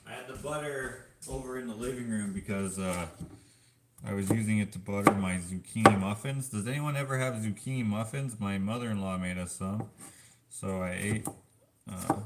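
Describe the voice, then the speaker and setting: A man's voice: fairly low pitch, normal speed. A man from Canada rambling in casual chat to a live chat while he cooks in his home kitchen. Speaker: vlogger. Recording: clattering kitchen noise.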